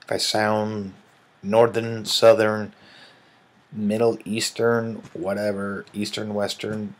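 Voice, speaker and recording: A man's voice: lowish voice, level tone, unhurried. A man, casually answering viewer questions in a rambling, dryly joking vlog. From American Midwest. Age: 30s. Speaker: vlogger.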